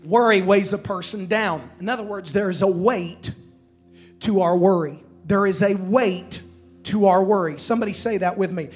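A man with a high voice preaches a sermon, asking the congregation to say lines back to him. Faint music plays underneath his words. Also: moderate pace, some chatter behind. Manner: preaching with call-and-response to the congregation.

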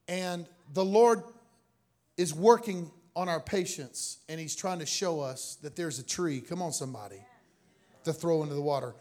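A male pastor preaching a sermon, animated, swinging between loud bursts and quiet asides. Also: sits high.

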